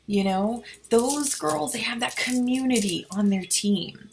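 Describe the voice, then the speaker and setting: A woman's voice: a little high, measured pace, creaky, hardly any pauses, slight background noise. A woman giving casual motivational advice to her team, acting out both sides of the conversations she describes. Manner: chatty, role-plays both sides of conversations.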